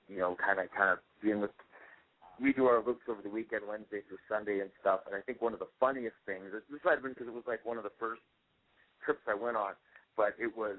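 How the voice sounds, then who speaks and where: Low-voiced man on a tinny phone line. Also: fairly quick. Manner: rambling, laughing often, many fillers. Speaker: wrestler guest. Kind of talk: casual phone interview.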